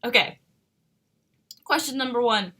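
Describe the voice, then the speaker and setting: A woman's voice: on the high side, a little slow, pushed and bright. A woman streamer chatting casually as she reacts to music, giggling often and full of questions.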